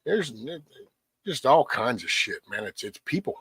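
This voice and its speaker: A man's voice: medium pitch, very animated, normal speed, a bit bright, husky, no echo, studio quality. Blunt, cussing man on a livestream. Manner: blunt, profane, preachy. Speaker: livestream host. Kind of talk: casual rambling livestream chat.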